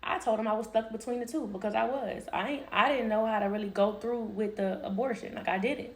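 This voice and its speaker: Candid young woman, rather high voice. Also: fairly quick. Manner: candid, animated, swears and laughs often. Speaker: storyteller. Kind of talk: casual storytelling.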